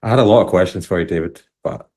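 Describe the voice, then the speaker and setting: A man's voice: low-pitched, very fast, a little mellow. A man from the United Kingdom hosting a casual podcast interview, rambling and restarting his sentences. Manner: rambling, self-interrupting, chuckles often. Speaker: podcast host.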